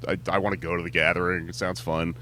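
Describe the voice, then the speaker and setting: Low-voiced laid-back comedian. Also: male voice, quick pace, a little hiss or hum. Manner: relaxed, rambling, filler-heavy, laughs often. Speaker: comedian and podcast host, interview guest. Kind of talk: casual interview chat. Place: music venue on tour.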